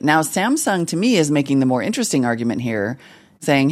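A woman tech correspondent reporting remotely from a trade show, explaining industry trends in a lively, analytical way. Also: low voice, brisk, no room sound. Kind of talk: conversational news interview.

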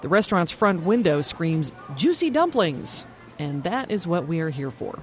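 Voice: mid-range voice, lively intonation, normal speed, soft background music. A radio host and reporter, moving between scripted narration and casual, curious interview questions, recorded in a car at a drive-thru and then in a restaurant. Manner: friendly, curious, asks short questions.

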